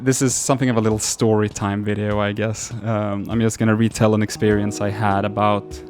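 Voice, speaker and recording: A low-voiced man tells a story to his camera in a loose, rambling way. He restarts his sentences often and swears offhandedly. Guitar music plays clearly in the background. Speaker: vlogger telling a story. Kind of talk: casual story time. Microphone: camera mic.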